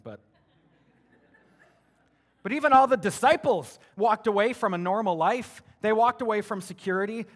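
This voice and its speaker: Energetic pastor preaching a casual sermon. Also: male voice, high voice. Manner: energetic, conversational preaching with rhetorical questions.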